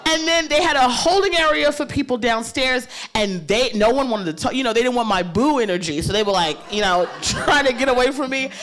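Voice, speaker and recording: Woman comedian, fairly high voice, frank and animated panel storyteller, curses freely. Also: a little fast, few pauses. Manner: animated and frank, swears freely, laughs through her story. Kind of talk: candid storytelling on a live panel. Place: panel stage at a leadership summit.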